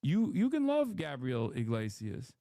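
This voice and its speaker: A man's voice: on the high side, wildly swooping pitch, measured pace, mellow, dry recording, clean studio sound. A man streaming live, ranting in a blunt, opinionated and profane way. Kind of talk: casual live commentary rant.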